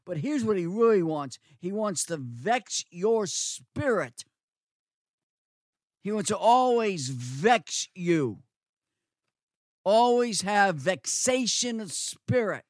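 High-voiced, unhurried male preacher. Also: very animated, dry recording, studio quality. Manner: repetitive, emphatic, rhetorical questions. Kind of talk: sermon.

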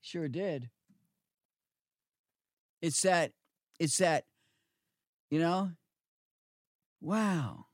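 A man's voice: fairly high pitch, lively intonation, drawn-out words, pauses often, no echo, clean studio sound. A man preaching a sermon, repeating words for emphasis and asking the listeners rhetorical questions.

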